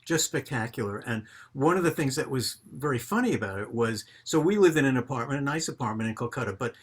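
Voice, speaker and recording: Older man, husky, rambling, video call storytelling. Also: medium pitch, expressive, fast. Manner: rambling, many fillers and restarts. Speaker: group member telling a story. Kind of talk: casual storytelling on a group call.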